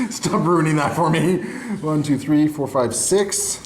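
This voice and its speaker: In an echoey room with a little background noise, a tabletop channel host walks slowly through his moves. His voice is a little high, and his manner is casual and self-deprecating.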